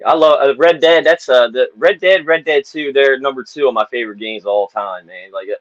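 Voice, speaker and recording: Fast-talking laid-back interviewer man. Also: medium pitch, no echo, highs cut off. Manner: laid-back, fills every phrase with "man" and "you know". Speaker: interviewer host. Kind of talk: casual interview chat.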